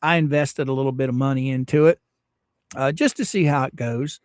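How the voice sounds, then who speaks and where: A man's voice: medium pitch, brisk, dry recording. A middle-aged man hosting a casual livestream from home, reading chat messages aloud and laughing often. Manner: chatty, laughs often, animated rises. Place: home streaming setup.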